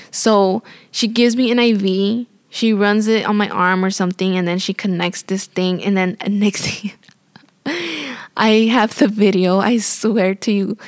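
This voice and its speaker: A woman's voice: medium pitch, no room sound. A young woman casually telling her birth story, rambling and filling her talk with "like" and "you know.". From Spanish-speaking family. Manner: chatty and rambling, heavy use of "like" and "you know"; apologetic and self-aware.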